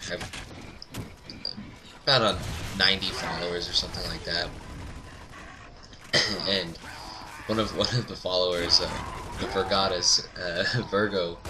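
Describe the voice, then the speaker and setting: A man with a lowish voice recounts a childhood mishap while commenting over gameplay. He talks casually, laughs often and climbs to excited yelps. Steady hiss sits under the home mic recording. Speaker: gaming commentator.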